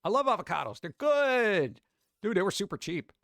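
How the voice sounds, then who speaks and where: High-voiced man rambling. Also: sing-song, normal speed, a bit bright, no room sound, clean studio sound. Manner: rambling, acts out other people's voices. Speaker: livestream host. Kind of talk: casual stream chat.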